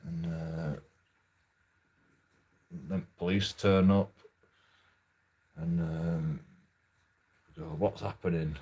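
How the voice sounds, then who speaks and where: Male host, low voice, loose halting storytelling with casual swearing. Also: little pitch movement, mellow, breathy edge. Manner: rambling, halting, swears freely. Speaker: channel host.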